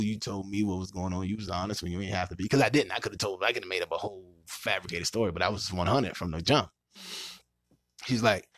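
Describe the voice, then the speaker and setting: Male podcast host, casual storyteller, swings his pitch a lot, laughs often, dry close sound. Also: a bit bright, no room sound.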